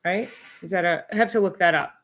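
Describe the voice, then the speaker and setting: Chatty middle-aged woman, lowish voice. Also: fast. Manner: chatty, rambling, frequent fillers and restarts; animated, exclaims in disbelief. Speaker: chiropractor hosting a live Q and A. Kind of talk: casual live-stream chat.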